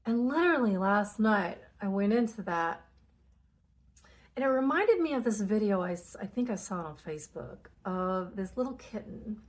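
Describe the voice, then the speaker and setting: A spiritual channel host talks casually and candidly about spiritual energies, swearing freely and acting out inner conversations, and she becomes tearful at moments. Her medium-pitched voice is animated and moves at normal speed.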